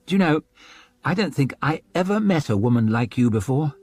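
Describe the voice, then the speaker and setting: A man's voice: fairly high pitch, animated, brisk, a little mellow, dry recording, voice pushed up. A man voicing a self-mocking young crown prince with a flippant, boyish manner.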